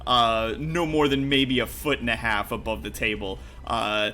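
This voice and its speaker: A man's voice: medium pitch, normal speed, a little hiss or hum. A man running a tabletop game as game master, narrating with lots of fillers and laughter. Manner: animated, laughing, filler-heavy.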